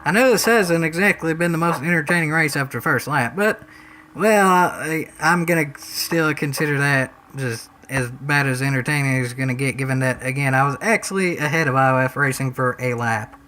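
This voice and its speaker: Bright-voiced Southern country man rambling. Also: a little high, normal speed, slight background noise, poor audio. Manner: rambling, folksy, says "y'all" and "ain't". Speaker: racing game commentator. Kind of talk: casual gameplay commentary.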